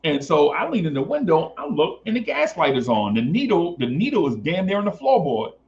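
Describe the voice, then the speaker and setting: A man's voice: fairly high pitch, fairly quick, lo-fi sound. A man casually telling a long story on a podcast, swearing and acting out the other voices. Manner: animated, swears, acts out voices.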